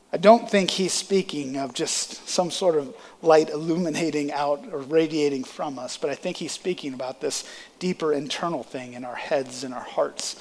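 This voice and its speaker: A man preaching a sermon, calling out to his congregation with rising emphasis. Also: high voice. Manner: preaching with rising emphasis and audience call-and-response.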